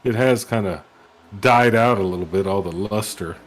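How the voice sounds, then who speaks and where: A man's voice: on the low side, moderate pace. A man doing casual commentary on a sim race, joking and sarcastic in banter with his co-hosts.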